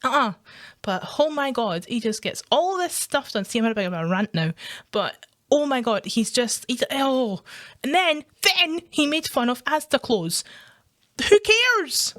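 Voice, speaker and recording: A woman's voice: a little high, normal speed. A woman with a Scottish accent ranting through a reaction commentary, swearing often and laughing as she goes. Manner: animated ranting, heavy swearing, frequent laughter. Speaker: reaction video streamer.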